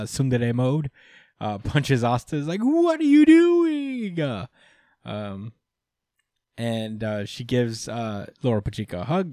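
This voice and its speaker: A man's voice: mid-range voice, no echo, clean studio sound. Laid-back man recapping manga chapters. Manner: relaxed, many fillers, acts out characters in quotes. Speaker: podcast co-host. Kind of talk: casual manga review chat.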